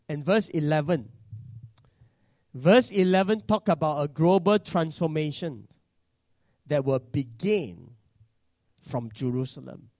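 Preacher, male, high voice, unhurried emphatic delivery, dry close sound. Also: darkish tone, no echo. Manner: slow, emphatic scripture reading with dramatic pauses. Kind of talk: sermon.

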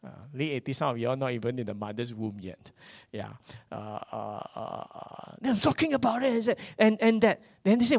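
A man, preaching a sermon that swings from loud bursts to hushed asides. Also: medium pitch, sing-song, brisk, vocal fry, hardly any pauses, no room sound. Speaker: pastor.

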